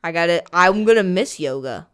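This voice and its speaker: A woman co-hosting a casual fitness podcast, talking in quick, excitable bursts, laughing often and swearing casually. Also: fairly low pitch, clean tone. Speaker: podcast co-host, personal trainer. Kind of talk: casual chat.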